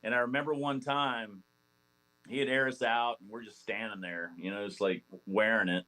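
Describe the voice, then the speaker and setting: A man in his forties, a former ballplayer guesting on a podcast, telling stories in a rambling, animated way with many restarts. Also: lowish voice, moderate pace, rough recording. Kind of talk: casual storytelling interview.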